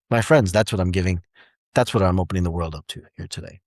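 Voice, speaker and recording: A man in his forties giving a rambling, animated motivational talk as a self-help speaker, with many restarts. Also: low-pitched, fast talker, dry recording, clean studio sound. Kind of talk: motivational monologue.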